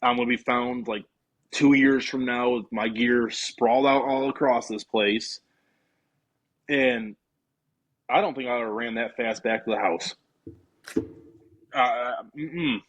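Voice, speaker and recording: A man with a husky, breathy voice telling spooky stories from his own past in a loose, casual way. He acts out each line he once said, jumping up in pitch when he shows how scared he got. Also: measured pace, pauses often. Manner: animated storyteller, acting out his own quotes. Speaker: podcast guest. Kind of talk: casual storytelling chat.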